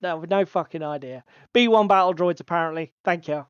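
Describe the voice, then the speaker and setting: Smooth-voiced man, casual chat. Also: on the high side, fairly quick, no echo. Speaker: podcast co-host. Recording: slightly dull lo-fi audio.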